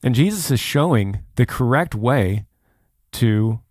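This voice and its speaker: A man's voice: medium pitch, expressive, unhurried, a little mellow, no room sound, clean studio sound. A man co-hosting a Bible podcast, talking earnestly and acting out the voices in the passages he quotes. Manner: earnest, preacherly, acts out quotes. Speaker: podcast co-host. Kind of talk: casual Bible study chat.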